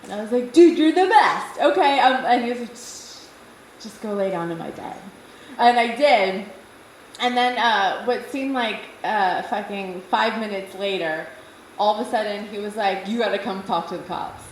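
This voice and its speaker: A woman's voice: mid-range voice, normal speed, slight background noise. A woman telling a true story to a live audience in a casual, laughing, profane and self-mocking way. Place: former airplane hangar at a live show. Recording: echoey hangar, far from the mic, music behind.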